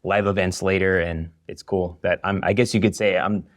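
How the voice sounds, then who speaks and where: A man's voice: deep voice, moderate pace, dry recording, studio quality. A man in his thirties, a podcast guest who teaches video, telling his story energetically with lots of "you know". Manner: energetic, storytelling, many fillers. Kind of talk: casual interview chat.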